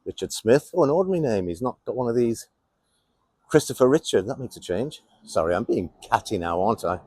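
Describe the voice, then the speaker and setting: A man's voice: medium pitch, expressive, fairly quick, a little mellow, breathy edge, no echo. Wry English man on a street walk. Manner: wry, sardonic asides. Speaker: vlogger on a town walk. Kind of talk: casual walking commentary. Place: outdoors on a town street.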